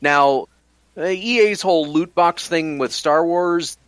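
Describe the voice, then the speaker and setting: A man's voice: fairly high pitch, slow, a bit bright, clear, resonant tone, no echo. A man co-hosting a casual podcast, musing and rambling about games and movies with frequent restarts. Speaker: podcast co-host.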